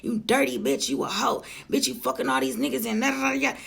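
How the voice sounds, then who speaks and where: Gravelly woman telling a blunt story. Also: a little high. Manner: blunt, profane and animated, with lots of asides to the audience; fast and emphatic, slowing down to stress points. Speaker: vlogger telling a personal story. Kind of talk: casual storytime monologue.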